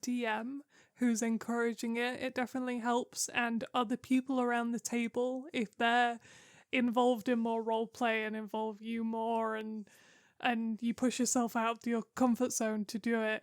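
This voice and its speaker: Young woman, podcast co-host; slightly high, hesitant and chatty, dry sound. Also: dry recording. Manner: hesitant, with frequent "um"s and laughter. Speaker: podcast co-host and game master. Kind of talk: casual chat.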